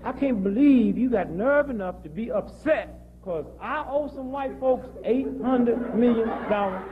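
A man's voice: very high voice, expressive, unhurried, narrow, tinny audio, a crowd in the background, noisy background. A man giving a joking, preachy talk to a live audience, telling stories from his own life. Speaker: speaker. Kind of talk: comic health lecture to an audience.

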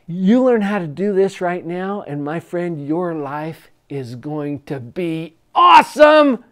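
Energetic emphatic male motivational coach. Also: fairly high pitch. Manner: energetic, emphatic, swings loud on key phrases. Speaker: parenting coach. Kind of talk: motivational talk to camera.

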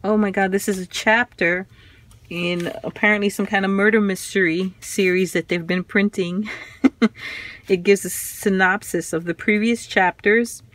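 A vintage craft vlogger shows off fragile old magazines in a casual show-and-tell video, handling them with care and exclaiming in awe. Her mid-range voice is a bit bright, with a steady tone and a normal pace.

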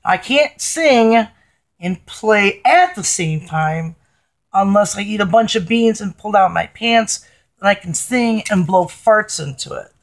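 A middle-aged woman talking at an unhurried, drawn-out pace in a casual home video. She jokes, rambles and pokes fun at herself, and now and then slips into a bluesy half-sung line. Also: medium pitch. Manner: jokey, rambling, self-deprecating. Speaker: amateur singer-songwriter.

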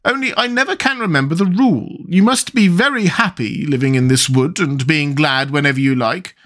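A man voicing a flustered, fussy old queen in an audiobook, high and quavering, drawing out his words. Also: fairly bright tone, close to an everyday voice. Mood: fretful. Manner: high, quavering and slow, rising to a squeak. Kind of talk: audiobook character voice.

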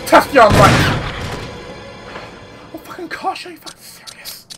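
A man giving profane, jumpy let's-play commentary, yelling at the game as he plays. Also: extremely high pitch, lively intonation, unhurried, music in the background. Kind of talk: gameplay commentary.

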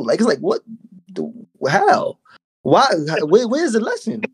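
A man's voice: high-pitched, huge pitch swings, moderate pace, darkish tone, breathy edge. A man hosting a casual podcast interview in an easygoing, encouraging way. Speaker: podcast host.

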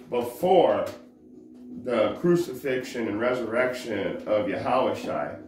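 Man, religious teacher, slow halting delivery, echoey room recording. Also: medium pitch. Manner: halting, searches for words, restarts often. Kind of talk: informal scripture teaching. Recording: roomy echo, faint background noise.

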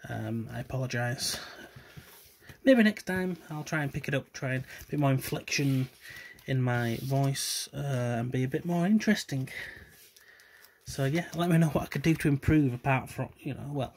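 A man giving subdued, self-deprecating commentary while opening trading cards, with low-key delivery and trailing hesitations. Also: moderate pace, vocal fry, slightly rough. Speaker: card collector vlogger. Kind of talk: casual card-opening commentary.

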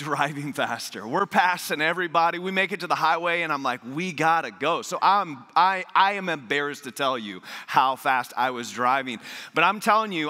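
A man's voice: a little high, in a large hall. A man in his thirties, a pastor telling a funny story in a sermon, acting out what people said. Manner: animated, humorous storytelling with acted-out quotes. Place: church auditorium.

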